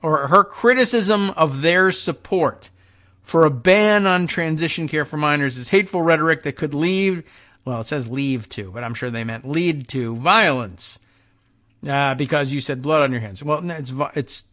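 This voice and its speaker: A male podcast host giving political commentary in a sarcastic, rambling way. He keeps restarting his sentences as he works through a point. His voice sits slightly high for a man. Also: moderate pace, pushed and bright. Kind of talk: political commentary talk show.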